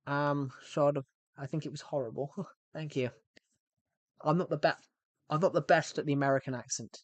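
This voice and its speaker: A man's voice: a little high, fairly even intonation, brisk, no echo. A man chatting casually on a game livestream in a rambling, self-correcting way. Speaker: game streamer.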